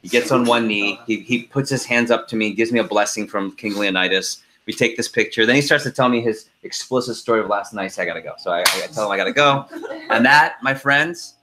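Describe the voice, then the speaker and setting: A middle-aged man leading a team conference call, telling a lively story with laughs and then going through the agenda. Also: fairly low pitch, fast, few pauses.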